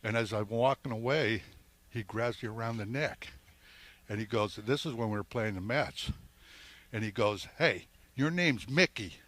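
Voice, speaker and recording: A man's voice: on the low side, normal speed, fairly bright tone. An older man, a former ballplayer, telling stories in a rambling way with many restarts during a live interview at an outdoor golf event. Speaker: former baseball player, guest.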